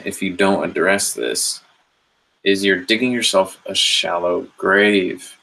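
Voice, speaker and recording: Deep-voiced man musing on self-growth. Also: steady tone, slow pace, vocal fry, sharp tone, poor audio. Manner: rambling, earnest, casual swearing. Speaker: spiritual self-help speaker. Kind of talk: reflective motivational monologue.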